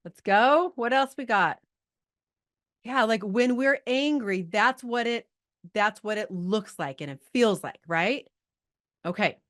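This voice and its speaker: A middle-aged woman coaching a group over a video call, chatty and lively, holding back tears at times. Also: a little high, takes it slowly. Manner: chatty, lively, talks to the chat audience. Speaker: life coach hosting a live group call. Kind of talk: casual coaching talk.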